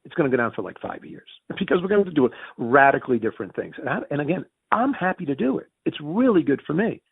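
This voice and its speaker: A man with a Northern US Yankee accent telling stories as an interview guest, acting out quoted dialogue with big pitch jumps and often restarting his words. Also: big pitch swings, fast, creaky, breathy edge, no room sound. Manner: frequent restarts and repeated words. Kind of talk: storytelling in a conversational interview. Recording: tinny phone-like dry audio.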